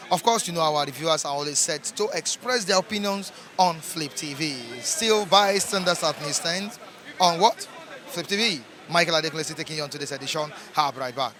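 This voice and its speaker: A man reviewing the newspaper front page, reading each headline twice in a slow, emphatic way. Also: fairly high pitch, over music. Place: outdoors in a city.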